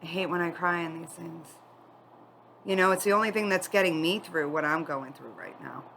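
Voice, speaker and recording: A woman giving a spiritual tarot reading, tearful and crying as she talks in a candid, halting, confiding way. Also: on the low side, lively intonation, a bit bright, slight background noise, low-quality recording. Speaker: tarot reader.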